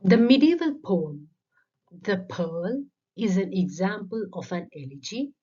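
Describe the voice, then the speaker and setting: Slow, husky woman teaching literature. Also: medium pitch, animated, warm tone. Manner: methodical, explaining step by step. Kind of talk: scripted lecture narration. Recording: dull lo-fi voice-over.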